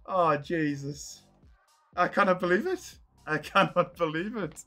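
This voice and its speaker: A young man rants through a live stream reaction, swearing freely and thinking aloud in exasperation. His voice is bright and sits a little high. Faint music plays underneath. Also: animated, a little slow.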